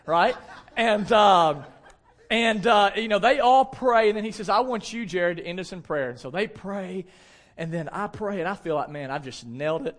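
A man, a pastor preaching a storytelling sermon in a lively, self-deprecating way with casual fillers. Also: sits high.

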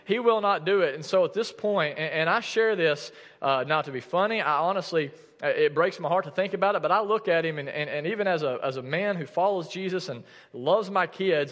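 A man's voice: a little high, fairly bright tone. A man in his thirties preaching a sermon, telling a personal story candidly and often restarting his sentences. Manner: candid storytelling with many restarts and filler words. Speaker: pastor. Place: church sanctuary. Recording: church hall with long reverb.

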